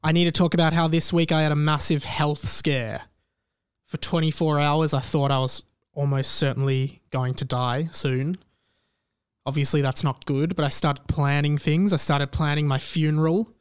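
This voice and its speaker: A young man hosts a casual podcast, rambling through a personal story and playing out both sides of the conversations. His voice sits a little high and sounds smooth and clear. The close mic gives a dry sound with no room around it. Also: moderate pace, no room sound. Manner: rambling, self-deprecating, animated retelling with quoted dialogue. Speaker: podcast host.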